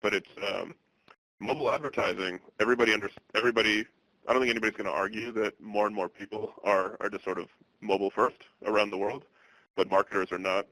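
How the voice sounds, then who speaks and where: A man in his thirties from the Boston area presents a webinar. He talks in a steady monotone, full of fillers and restarts. His voice sits low with a bright, forward edge, and the recording is dry and close. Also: dry recording, rough recording. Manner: halting, many fillers and restarts; monotone delivery.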